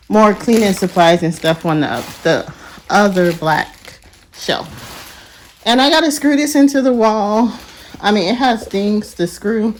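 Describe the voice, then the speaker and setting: A woman's voice: mid-range voice, a little slow. A young woman, narrating a casual home vlog, chatty, laughing often and talking to her viewers. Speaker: family vlogger.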